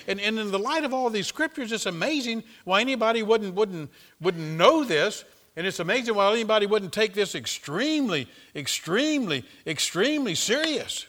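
An older man preaching a sermon as pastor, repeating phrases and swinging from loud to hushed. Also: on the high side, brisk.

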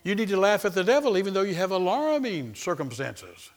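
Male preacher mid-sermon; emphatic, repetitive delivery, slightly high voice. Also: brisk, creaky, few pauses. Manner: emphatic, repetitive, calls to the congregation.

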